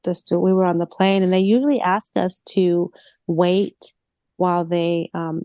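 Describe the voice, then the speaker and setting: With a lowish voice at a measured pace, a woman co-hosting a laid-back podcast spins animated stories, acting out quoted lines. The recording has no room sound.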